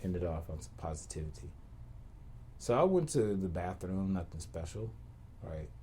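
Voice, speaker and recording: A man's voice: deep voice, moderate pace, a little hiss or hum. A man hosting a podcast, telling stories in a casual, profane, slangy rant that loops back on itself. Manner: animated, profane, slangy, rambling with repeats. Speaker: podcast host.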